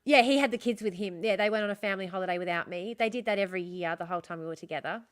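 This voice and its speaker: A woman's voice: medium pitch, rapid-fire. Frank Australian woman telling a story. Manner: frank, repeats herself, talks in run-on retellings. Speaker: streamer host. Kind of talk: candid storytelling on a livestream.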